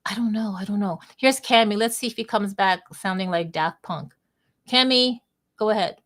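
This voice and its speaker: A woman's voice: medium pitch, moderate pace, a bit bright. A woman hosting a live online audio chat in a bubbly, chatty, playful way. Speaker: host.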